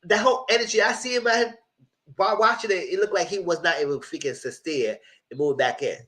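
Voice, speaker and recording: A man's voice: sits high, brisk, fairly bright tone. Man ranting through a TV recap. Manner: exasperated, ranting, blunt with swearing. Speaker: TV reality show reviewer. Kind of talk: casual live recap commentary.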